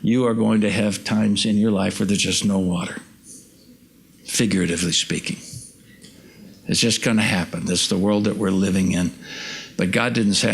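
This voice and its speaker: A man's voice: on the low side, steady tone, moderate pace, gravelly, pauses often, slightly rough. A man preaching a sermon as pastor, conversational and self-deprecating, asking the congregation questions. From United States. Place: church.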